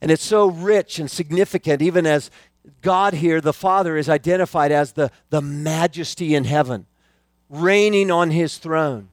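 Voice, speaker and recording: High-voiced man preaching earnestly. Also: normal speed, dry recording. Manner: earnest, emphatic preaching with repetition. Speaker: pastor. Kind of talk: sermon.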